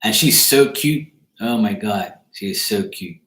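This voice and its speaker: A man hosting a chat show, telling a story casually in an animated way, laughing and swearing freely. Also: on the low side, unhurried, reverberant.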